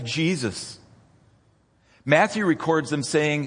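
A man preaching a sermon as pastor, dramatic and rising toward near-shouts when he retells scenes. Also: mid-range voice, expressive, takes it slowly, pauses often, breathy edge. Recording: long reverb of a church hall.

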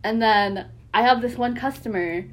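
A young woman co-hosting a podcast, telling lively stories, swearing and laughing often. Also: on the high side, moderate pace. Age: young adult. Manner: animated storytelling, swears a lot, laughs often. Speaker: podcast co-host. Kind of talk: casual chat.

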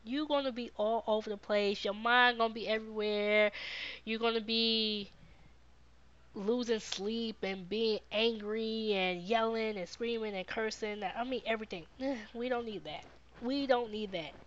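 A woman's voice: a little high, a little slow, dull audio. A woman podcast host, talking casually to her live viewers, repeating words of encouragement and answering their comments. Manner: warm, repetitive encouragement, reads viewer comments.

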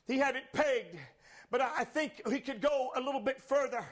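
A male preacher with a very high voice delivers a fervent sermon. He leans on "uh" fillers between phrases and builds up to shouting at the peaks. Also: normal speed.

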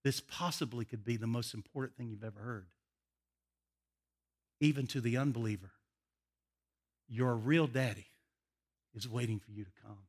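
An older man preaching a sermon, an animated, emotional storyteller who often laughs. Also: medium pitch, moderate pace, pauses often, breathy edge. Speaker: pastor.

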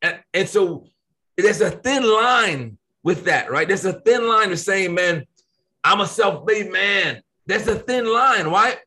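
A man's voice: high-pitched, animated, bright, forceful tone, husky. A man co-hosting a faith discussion, teaching from the Bible in an emphatic, preacherly way. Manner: emphatic, preacherly, quick to stress points.

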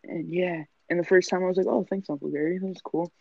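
Young guy, crude storyteller, gravelly and fairly high, muffled home podcast audio. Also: fairly even intonation, fast, no echo. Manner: profane, joking storyteller. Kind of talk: casual chat. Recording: dull lo-fi sound.

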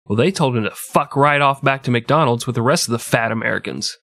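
A man's voice: medium pitch, a little fast, gravelly, fairly bright tone, dry recording, clean studio sound. A man in his thirties hosting a podcast, narrating history in an irreverent, profane, joking way and laughing often. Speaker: podcast host.

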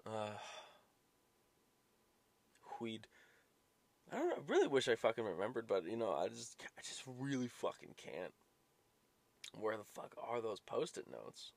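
A man's voice: fairly low pitch, huge pitch swings, a little slow, vocal fry, long pauses, no echo. A man hosting a solo podcast, rambling and swearing and drifting from topic to topic. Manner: profane, rambling, easily sidetracked. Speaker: podcast host.

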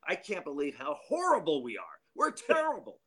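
A man imitating a fiery male baseball manager who gripes and swears in animated disgust. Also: on the high side, fairly quick, voice pushed up. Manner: animated, profane griping.

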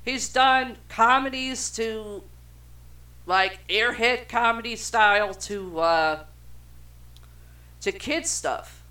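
A young adult podcast co-host reads film trivia aloud at an unhurried pace, in a bright, clear-edged tone. The delivery is loose casual chat, peppered with swearing and stumbles over the script. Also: medium pitch. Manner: profane, stumbles over words while reading.

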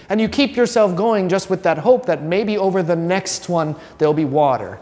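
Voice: medium pitch, fairly quick, hardly any pauses, in a large hall. A religion teacher giving a classroom lesson in a conversational, joking way, quizzing students by name.

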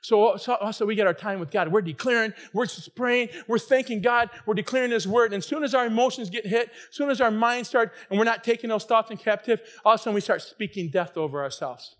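A man preaching a fervent sermon, his delivery swinging from quiet, earnest passages to loud, near-shouting bursts. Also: high-pitched, quick pace, few pauses. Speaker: pastor.

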